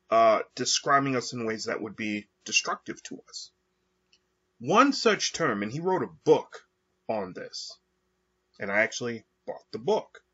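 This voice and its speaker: A man talking through his thoughts alone in a slow, halting monologue with frequent pauses and fillers. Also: medium pitch, very animated, sharp tone, breathy edge. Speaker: podcast host. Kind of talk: reflective monologue. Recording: dull lo-fi recording.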